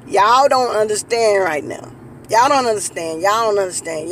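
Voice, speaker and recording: A woman's voice: medium pitch, lively intonation, slow pace, slight background noise. A woman hosting a casual mukbang vlog, dramatic and repetitive, talking straight to her viewers. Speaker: mukbang host. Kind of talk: casual eating-show vlog chat.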